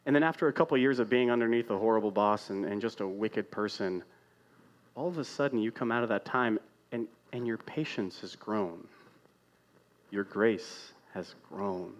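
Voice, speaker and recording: A man's voice: lowish voice, normal speed, lo-fi sound. Man preaching a conversational sermon. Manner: conversational preaching with rhetorical questions, swinging between loud and hushed. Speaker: pastor.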